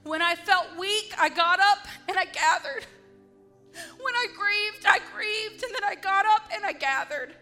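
Woman, devotional testimony, earnest and emphatic, unhurried delivery, soft music behind. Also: very high voice, animated. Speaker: speaker giving a testimony.

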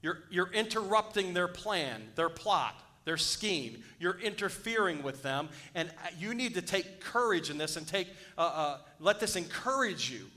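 A man's voice: high-pitched, expressive, measured pace, few pauses, bright, forceful tone. A man preaching a sermon, reading scripture aloud and breaking off to exhort his listeners. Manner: rises to urgent exhortation. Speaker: pastor.

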